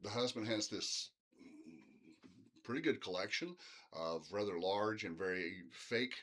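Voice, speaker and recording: A man's voice: on the low side, expressive, a little slow, a bit bright. A middle-aged man teaching literature in a casual, rambling recorded lecture, full of fillers like "uh" and "um".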